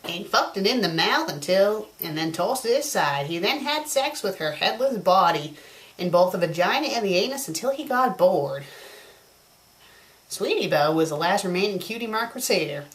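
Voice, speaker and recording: A woman reads a story aloud in an exaggerated, put-on Southern US drawl, sounding a little tipsy. She keeps stopping to deliver mocking, exasperated commentary. Her voice sits at an ordinary, middle pitch. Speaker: fanfiction critic host.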